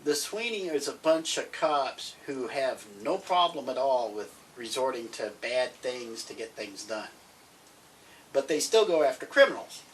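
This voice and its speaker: A man co-hosting a podcast, rambling cheerfully as he recommends TV series in casual chat. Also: fairly high pitch. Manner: chatty, rambling, grows excited. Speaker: podcast co-host. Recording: distant mic, faint background noise.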